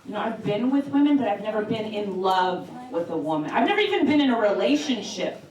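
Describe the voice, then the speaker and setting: A woman's voice: mid-range voice, big pitch swings, a little fast, darkish tone, distant mic, highs cut off. A woman performing a stand-up comedy set in a small club, telling crude, brash jokes that build to punchlines. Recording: echoey club room, mic set back, crowd laughter. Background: audience laughing.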